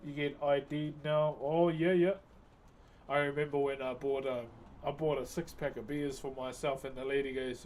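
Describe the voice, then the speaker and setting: A man's voice: on the high side, fairly even intonation, moderate pace, darkish tone, faint music behind. A man, chatting casually with viewers on a live stream and telling jokey stories, laughing often. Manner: laid-back, jokey storytelling with frequent laughs.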